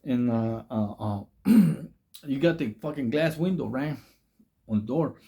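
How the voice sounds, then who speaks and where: A man's voice: medium pitch, a little slow, mellow, husky. A man who did time, telling prison stories in casual, profane, slang-filled talk with lots of restarts. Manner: rambling, slang-heavy, profane, many restarts. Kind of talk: casual storytelling.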